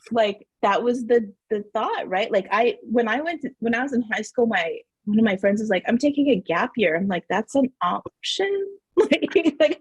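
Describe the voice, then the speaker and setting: A middle-aged woman from Southern New Mexico, a podcast guest telling family stories in a lively, laughing way full of "like". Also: on the high side, slightly rough, dry recording. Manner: animated, laughing, many "like" fillers. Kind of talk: casual storytelling interview.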